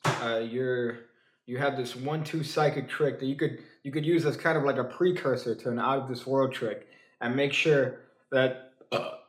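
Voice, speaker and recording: A man's voice: medium pitch, fairly even intonation. A man teaches a card trick with plenty of "uh"s and restarts. He slips in dry, offhand jokes as he goes. His mid-range voice rings a little in an echoey room. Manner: halting, full of fillers and restarts; dry, joking asides. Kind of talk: casual comedic tutorial.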